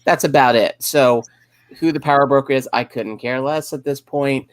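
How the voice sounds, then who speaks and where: A man's voice: medium pitch, steady tone, moderate pace, no echo. Blunt guy on a movie podcast, couldnt care less tone, dry close mic. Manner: blunt, dismissive, swears. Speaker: podcast co-host. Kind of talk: casual movie discussion.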